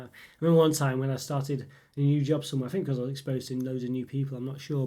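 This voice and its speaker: A man hosting his channel, chatting casually in a rambling way with many fillers, his voice still a little rough from a cold. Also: mid-range voice, darkish tone. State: lingering cough, voice still rough. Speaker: channel host. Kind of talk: casual update chat.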